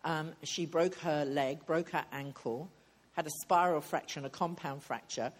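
A woman's voice: low-pitched, moderate pace. A woman preaching at a women's retreat, speaking earnestly and conversationally, and repeating key lines for emphasis. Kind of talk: sermon.

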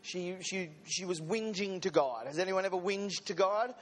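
A man's voice: sits high, normal speed, fairly bright tone, in a large hall. A man preaching a sermon to a congregation, in a conversational manner with joking asides. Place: church service.

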